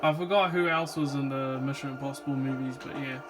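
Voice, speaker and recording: A man's voice: medium pitch, steady tone, a little fast, music in the background. A young man vlogging in a casual, rambling way, with lots of fillers and restarts as he talks about films he loves. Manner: rambling, full of "like" and "um", enthusiastic. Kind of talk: casual movie chat.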